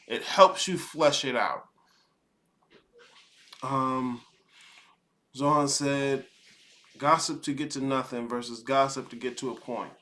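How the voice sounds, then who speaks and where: A man's voice: medium pitch, steady tone, slow pace, pauses often, bright, forceful tone. A man hosting commentary, lecturing bluntly and swearing freely. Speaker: host. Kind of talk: commentary over a played podcast clip.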